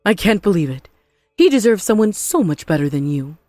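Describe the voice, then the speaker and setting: Woman playing a scornful mother-in-law, melodramatic, lively swooping pitch, dry close sound, faint music. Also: fairly quick, no echo. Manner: scornful, melodramatic, self-pitying. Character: spiteful possessive mother-in-law, middle-aged woman. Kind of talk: animated story voice-over.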